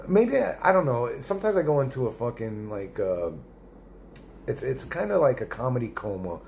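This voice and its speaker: A man's voice: medium pitch, very animated, moderate pace, vocal fry, a little mellow, slight background noise. A middle-aged man live streaming, rambling and swearing in casual chat as he reads viewer comments aloud. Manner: rambling and profane, with many restarts.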